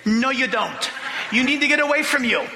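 A man preaching a sermon as pastor to a congregation, with animated emphasis and drawn-out key words. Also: extremely high pitch, vocal fry, heavy background noise. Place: church sanctuary. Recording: echoey church hall.

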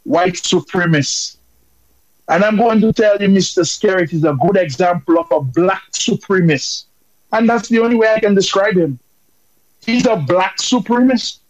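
A man's voice: sits high, moderate pace, rough recording. A man from Dominica calling in with impassioned, emphatic political commentary.

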